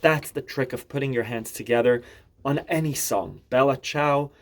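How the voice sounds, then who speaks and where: A man teaching accordion, calmly explaining and singing melody syllables. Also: medium pitch, moderate pace. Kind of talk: instructional video lesson. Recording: accordion playing behind voice. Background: accordion music.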